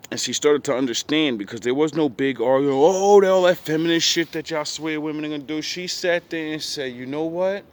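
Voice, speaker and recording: A man's voice: a little high, fairly quick, hardly any pauses. A young man bluntly retelling a past relationship in profane street slang, casual storytelling.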